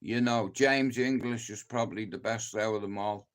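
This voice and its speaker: A man's voice: fairly low pitch, steady tone, normal speed. A middle-aged man from Ireland hosting a livestream, telling rambling stories in casual chat and swearing a lot. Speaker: livestream host.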